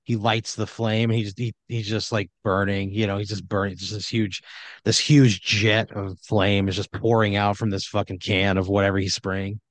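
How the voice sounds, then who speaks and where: A man's voice: on the low side, flat delivery, normal speed. A man improvising a comedic horror story in a loose, rambling way full of fillers.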